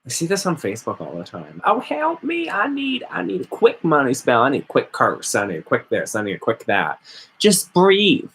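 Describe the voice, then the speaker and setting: A man's voice: medium pitch, big pitch swings, fairly quick, a bit bright, slight background noise. A man hosting a casual, rambling chat while stoned, often mock-quoting other people. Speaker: host.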